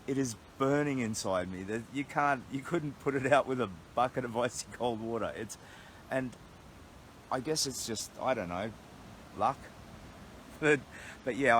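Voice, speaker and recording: Earnest Australian man with a lowish voice. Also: a little hiss or hum. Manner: earnest and reflective, thinking aloud with restarts. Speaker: long-distance walker livestreaming to followers. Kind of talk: casual reflective livestream talk. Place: camped outdoors at night in a storm. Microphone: phone livestream.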